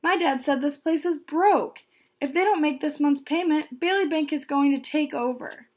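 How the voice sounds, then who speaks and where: A woman doing a snooty schoolgirl, haughty, snapping, high voice. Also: moderate pace, close to an everyday voice. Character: spoiled, snooty rich schoolgirl.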